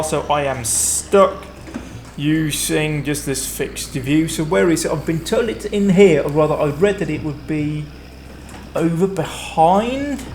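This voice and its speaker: A man talks his way through a game, rambling and poking fun at himself as he goes. His voice sits a little higher than most men's. Every so often he breaks into panicked outcries. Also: slight background noise. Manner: chatty, rambling, self-mocking. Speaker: let's play host. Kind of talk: gameplay commentary.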